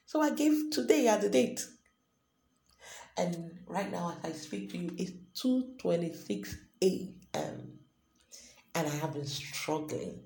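A woman talks slowly and earnestly on her devotional podcast, her voice low and warm. She often repeats herself, and the room is echoey with faint music underneath. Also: animated, gravelly. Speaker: podcast host. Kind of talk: unscripted devotional podcast talk.

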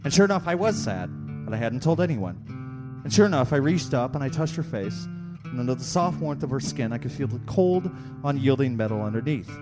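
A man performing a rhythmic spoken-word slam poem live on a stage mic, repeating lines and building to shouts. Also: mid-range voice, lively intonation, fairly quick, music in the background. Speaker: slam poet.

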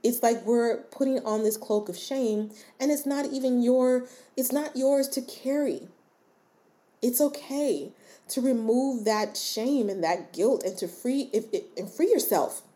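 A woman's voice: on the high side, measured pace, warm tone. A woman hosting a self-help podcast in a candid, casual way, talking straight to the listener and often checking in with her. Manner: candid and conversational, with frequent "like" and short laughs. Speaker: podcast host.

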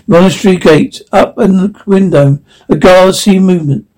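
Husky high-voiced man narrating a story. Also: normal speed, hardly any pauses, darkish tone, low-quality recording. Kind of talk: read-aloud audio drama narration.

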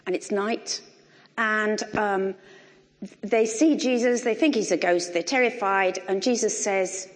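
A middle-aged woman preaching a sermon in a conversational, animated way with wry humour, recorded in a church. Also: medium pitch, unhurried. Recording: long reverb of a large hall.

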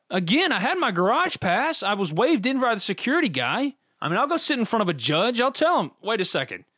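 Animated man telling stories. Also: very high-pitched, normal speed, dry recording, clean studio sound. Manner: animated storyteller, laughs often. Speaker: podcast co-host. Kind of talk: casual sports talk.

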